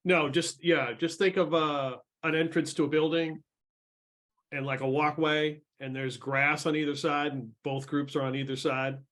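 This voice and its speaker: A man's voice: a little high, fairly even intonation, normal speed, fairly bright tone. A man narrating as game master in a casual, laid-back way.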